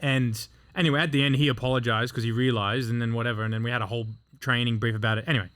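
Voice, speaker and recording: A man telling a story as a podcast guest, animated and full of swearing and "you know" fillers. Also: mid-range voice, rapid-fire, dry recording, clean studio sound. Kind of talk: casual storytelling in a podcast conversation.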